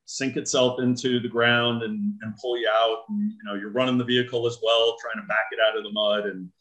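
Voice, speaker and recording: A man's voice: medium pitch, fairly quick, rough recording. A middle-aged man, a guest in an interview, telling a story and acting out the dialogue in it. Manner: animated, acts out quoted dialogue. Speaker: guest, leadership training firm owner.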